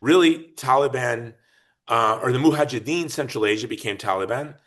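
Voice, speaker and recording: A man talking as a podcast guest in an emphatic, argumentative way. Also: mid-range voice. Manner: emphatic, argumentative, lively and fast-shifting. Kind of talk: animated political talk.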